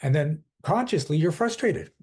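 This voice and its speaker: A man with a dark, husky voice talks as a coach on a podcast. He explains firmly and with conviction, often voicing what people tell themselves. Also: a little high, lively intonation, moderate pace. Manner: emphatic, explains with quoted inner dialogue. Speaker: transformational coach, podcast guest. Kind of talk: conversational podcast interview.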